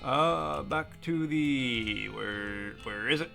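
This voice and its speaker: A man's voice: mid-range voice, drawn-out words, vocal fry, bright, forceful tone. A man streaming a game, reading its text aloud in a playful, jokey way. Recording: faint music behind.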